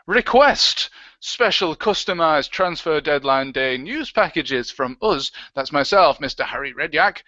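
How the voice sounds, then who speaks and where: A man co-hosts a casual livestream, joking around and reading out comments and tweets. His high voice is pushed and bright, and the sound is dull, lo-fi and dry with no echo.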